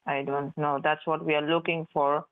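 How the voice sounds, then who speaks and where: A man's voice: a little high, level tone, moderate pace, clear, resonant tone, soft background music. A man posing as a support agent on a call, evasive and stalling, repeating himself. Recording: tinny dry phone line.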